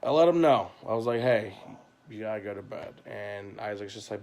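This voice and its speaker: A man's voice: fairly low pitch, a little fast, darkish tone, slight background noise. A father venting in a rambling, frustrated late-night livestream monologue from home, full of "you know" and "like", recorded on a phone. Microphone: phone camera.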